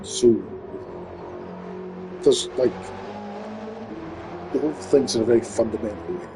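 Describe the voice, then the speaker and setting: A man streaming live, rambling and swearing through an animated monologue. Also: mid-range voice, unhurried, background noise.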